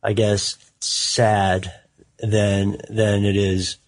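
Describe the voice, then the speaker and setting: A man's voice: fairly low pitch, little pitch movement, very slow. A man co-hosting a podcast, reacting skeptically in casual conversation. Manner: skeptical, responsive listener. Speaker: podcast co-host. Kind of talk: casual chat.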